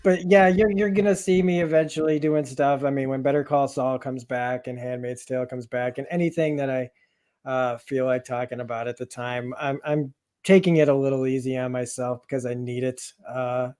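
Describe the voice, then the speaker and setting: A man hosting a casual year-in-review livestream, talking in a relaxed, rambling, self-deprecating way. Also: mid-range voice, moderate pace, smooth. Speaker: livestream host. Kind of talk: casual chat.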